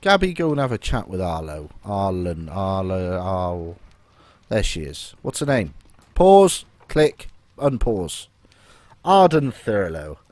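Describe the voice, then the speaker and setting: A man's voice: low-pitched, sing-song, takes it slowly, a little mellow, no echo. A man giving casual commentary on a game and reading its dialogue aloud. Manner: chatty, reads game dialogue aloud in a light playful tone. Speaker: let's play host.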